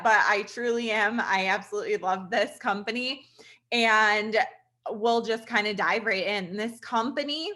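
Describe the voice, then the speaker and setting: Bright-voiced chatty woman giving a testimonial. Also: mid-range voice. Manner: earnest, chatty, fillers like "like" and "you guys". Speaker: registered nurse sharing a testimonial. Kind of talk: casual personal testimonial to an audience.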